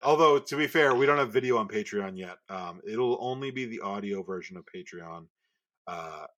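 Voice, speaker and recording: A man's voice: on the low side, expressive, normal speed, fairly bright tone. A man co-hosting a podcast in casual chat who hesitates with fillers. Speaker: podcast co-host.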